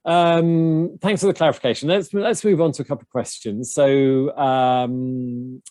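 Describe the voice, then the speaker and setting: A host moderating a writing Q&A over a video call, reading out audience questions in a brief, steady way. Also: mid-range voice, unhurried, no room sound.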